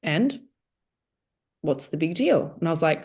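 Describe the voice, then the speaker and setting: Low-voiced woman telling her story. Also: measured pace, slightly rough. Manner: animated, acts out quoted dialogue. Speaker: guest sharing her testimony. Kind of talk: casual conversational storytelling.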